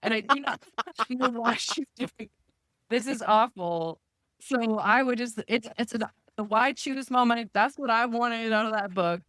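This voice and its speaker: A woman guest on a podcast in casual chat, wry and halting with many restarts. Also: fairly high pitch, fairly bright tone, no room sound, studio quality.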